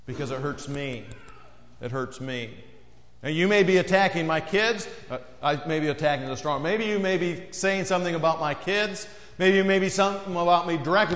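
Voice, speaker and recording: A male pastor delivers a sermon in a slightly raised voice. He preaches conversationally, often dropping low and soft to hammer a point home. The sound rings around a roomy church hall with a long tail. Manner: conversational preaching, acts out quoted voices, drops low and quiet for emphasis. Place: church sanctuary.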